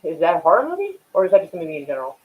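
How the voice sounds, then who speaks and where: A man's voice: a little high, huge pitch swings, rapid-fire, narrow, tinny audio. A man hosting a casual live stream and chatting with viewers, rambling and swearing while he smokes. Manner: rambling and profane, many fillers; smoking while talking.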